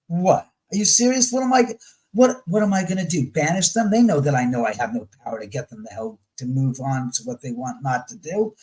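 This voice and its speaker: Blunt, animated man on a call. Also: on the high side, fairly quick, low-quality recording. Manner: blunt, profane and animated, acting out quoted voices. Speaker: guest. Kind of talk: casual chat.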